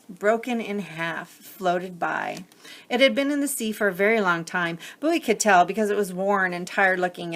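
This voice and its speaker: A woman gently and expressively reading a children's picture book aloud. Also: fairly low pitch, creaky. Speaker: storyteller.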